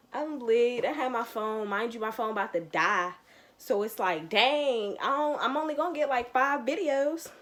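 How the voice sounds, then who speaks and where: A young woman, telling a slangy, animated storytime with quoted asides in a casual vlog. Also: medium pitch. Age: young adult. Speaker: vlogger.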